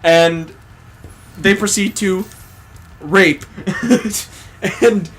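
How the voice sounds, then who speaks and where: Speaking very slowly and high-pitched, a man co-hosting a let's play recaps an anime episode mid-game. His retelling is profane and lively, with him voicing the quoted characters as part of the casual commentary.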